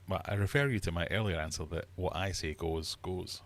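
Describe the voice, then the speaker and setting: Brief: male livestream quizmaster, lowish voice, playful and teasing, fish room. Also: brisk. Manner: playful, teasing, mock-uppity. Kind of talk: live-streamed quiz chat.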